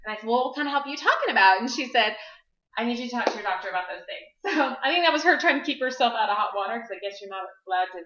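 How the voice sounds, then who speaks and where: A woman's voice: on the high side, animated, racing, sharp tone, roomy sound, dull audio. A woman giving a chatty live-stream presentation to a small room, laughing often and telling a personal story. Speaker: network marketing presenter. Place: meeting room with small audience.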